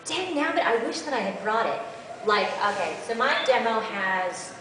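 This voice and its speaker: A woman, a voice actress on a convention panel, answering questions in an animated, chatty and rambling way, recorded by a far camera. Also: a little high, normal speed, background noise. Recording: echoey hall from far off.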